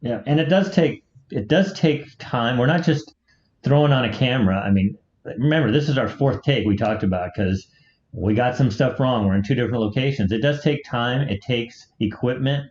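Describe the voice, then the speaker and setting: A man's voice: medium pitch, lively intonation, normal speed, a little mellow. A man co-hosting a music reaction channel, reading viewer comments in an easygoing, self-deprecating way with hesitant fillers. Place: home, remote from co-host. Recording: echoey, muffled lo-fi room sound.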